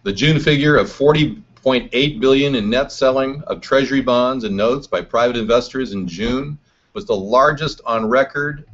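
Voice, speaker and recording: A man's voice: medium pitch, moderate pace. Combative man hosting a live chat show. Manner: reads and answers chat, combative. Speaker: host. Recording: dull lo-fi stream audio.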